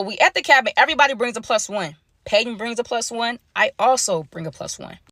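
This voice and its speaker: A woman's voice: medium pitch, a bit bright, dry recording, clean studio sound. A young woman telling a story to camera in a slangy, gossipy way, talking straight to her viewers on a phone at arm's length. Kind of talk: casual story time to camera.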